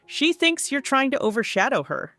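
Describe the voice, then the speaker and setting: A pushy middle-aged mother, as a woman narrator reads her lines, pressing and half pleading with a guilt-tripping edge. Her voice jumps up high at times. It is a read-aloud story. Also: very animated, normal speed, fairly bright tone, no room sound, faint music behind, exaggerated voice.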